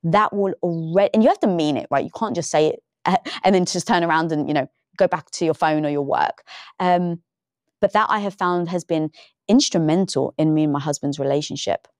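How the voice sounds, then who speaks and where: A woman guest in a casual interview, telling lively stories and acting out the lines she quotes. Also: low-pitched, a little fast, no echo, clean studio sound. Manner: animated storytelling, acts out quoted dialogue. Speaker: podcast guest.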